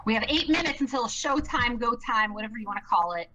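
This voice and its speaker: A woman chatting excitedly on a live stream, bubbly and rambling, with many fillers and restarts. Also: a little high, fast talker, rough recording. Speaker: live stream co-producer and host.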